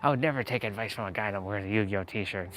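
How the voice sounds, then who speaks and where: A man's voice: on the low side, a bit bright. Guy rambling motivational stuff on his live stream, earnest, lots of likes and uhs, faint noise behind. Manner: earnest, rambling, self-help talk with fillers and laughs.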